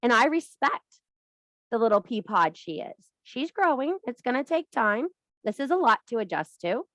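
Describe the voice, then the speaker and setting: A woman's voice: a little high, big pitch swings, moderate pace, a bit bright, no echo. A plain-spoken woman teaches her followers about witchcraft in a loose, chatty pep talk. She swears freely and drives her points home by repeating them. Her voice sits close to the mic in a dry, dead space. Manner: blunt and profane, emphatic repetition. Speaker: witchcraft teacher and live streamer. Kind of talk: casual spiritual pep talk.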